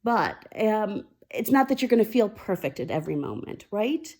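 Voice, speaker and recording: A woman with a mellow, warm voice and a gravelly edge talks straight to camera in a casual, heartfelt way. She hosts a weekly mindfulness segment and speaks openly and candidly about her feelings, confiding in her listeners. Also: mid-range voice, big pitch swings, moderate pace. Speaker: host of a weekly mindfulness talk.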